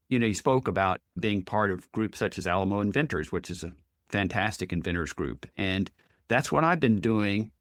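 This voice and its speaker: Earnest lower-voiced male podcast host. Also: no room sound, clean studio sound. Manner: earnest, encouraging, sums up the guest's points. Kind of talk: casual interview chat.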